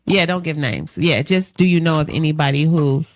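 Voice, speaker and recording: A woman hosting a casual radio talk show, chatty and lively, acting out quotes as she tells stories. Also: deep voice, normal speed, no echo, clean studio sound. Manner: chatty, animated storyteller, acts out quotes. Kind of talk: casual chat interview.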